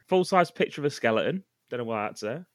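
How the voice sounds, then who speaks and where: A man's voice: mid-range voice, animated, fairly quick, a bit bright, dry recording. A man co-hosting a podcast, giving a wry, dry running commentary on a film. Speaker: podcast co-host and editor. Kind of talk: casual chat.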